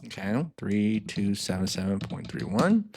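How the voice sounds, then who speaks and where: A man's voice: lowish voice, sing-song, a little slow, darkish tone, a little hiss or hum. An upbeat man teaching a finance lesson over a screen share, reading figures aloud twice and checking in with the viewer. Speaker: finance mentor. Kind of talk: screen-share spreadsheet tutorial.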